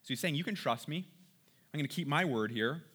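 A man leading a casual Bible lesson, chatty and animated, acting out the people in the story. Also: on the high side, fairly quick, breathy edge. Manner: chatty, animated, acts out quotes. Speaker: Bible study teacher.

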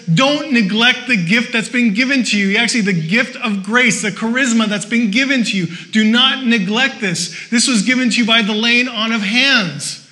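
A male pastor preaches with a high-pitched voice. His tone is bright and ringing. He keeps the sermon conversational and playful, then drives his points home with short, repeated urgings. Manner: lively and conversational, with joking asides; exhorting, repeating short phrases.

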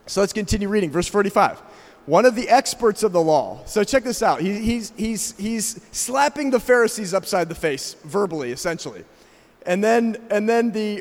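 Man, pastor, slight South African accent, high voice, emphatic sermon, rhetorical questions, long church reverb. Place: church sanctuary.

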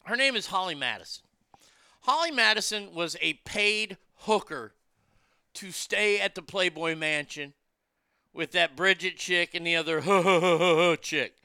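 Blunt man ranting, gravelly edge. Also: high-pitched, expressive, unhurried, long pauses, pushed and bright, dry recording, studio quality. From United States. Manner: blunt, profane, exasperated. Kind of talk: opinion rant monologue.

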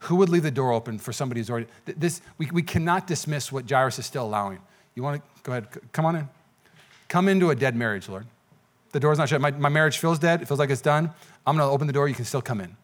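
A man's voice: medium pitch, quick pace. A man preaching a sermon as pastor in a church, talking conversationally with frequent "okay?" asides. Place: church sanctuary.

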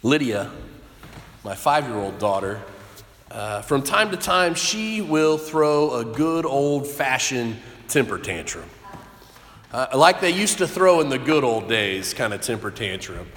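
Earnest pastor preaching in an echoey hall. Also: male voice, mid-range voice, sing-song, a bit bright. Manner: earnest, halting storytelling with restarts. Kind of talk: sermon. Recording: echoey hall with long reverb.

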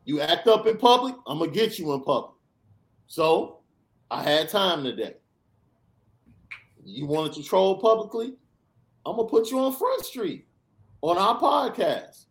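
A man hosting a sports podcast, ranting with emphatic, sarcastic repetition. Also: high-pitched. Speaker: podcast host. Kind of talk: animated sports podcast rant.

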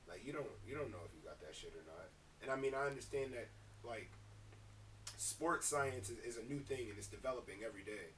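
Fast-talking young man, profane storyteller. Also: mid-range voice, lively intonation, a bit bright, distant mic, low-quality recording. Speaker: podcast co-host. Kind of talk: casual chat. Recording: set back from the mic, faint hiss.

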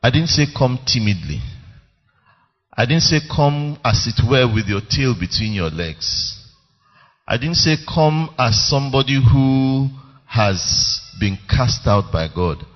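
A man's voice: mid-range voice, expressive, takes it slowly. A man preaching a sermon as pastor, emphatic and calling on the congregation to respond. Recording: reverberant lo-fi church recording.

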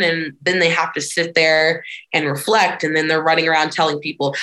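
A woman activist answering interview questions in a lively, conversational way, often acting out other people's voices. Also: fairly low pitch, normal speed. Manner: animated, acts out quoted voices. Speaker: activist guest.

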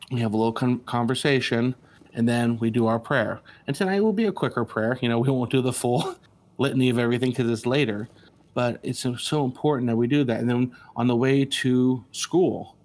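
Earnest middle-aged dad telling a story. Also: male voice, medium pitch. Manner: earnest, restarts often, acts out quotes. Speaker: guest, father. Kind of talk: casual storytelling.

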